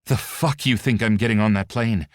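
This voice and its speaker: A man's voice: lowish voice, normal speed, no echo, clean studio sound, natural voice. A male audiobook narrator voicing a furious, betrayed young man who snarls and screams. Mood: bitter.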